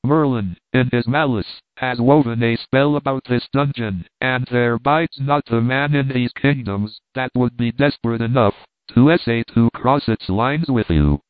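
A man's voice: medium pitch, unhurried, hardly any pauses, no echo, natural voice. A man voicing a timid, frightened young male page in a story, pleading in old-fashioned speech. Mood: fearful pleading. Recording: dry phone-like sound.

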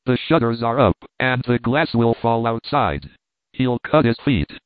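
A man reading the part of a worried, quick-thinking man speaking urgently, on a tinny, dry line. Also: mid-range voice, lively intonation, clear, resonant tone, dry recording, natural voice. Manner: urgent, muttering. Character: Kemp, worried, sharp-minded man.

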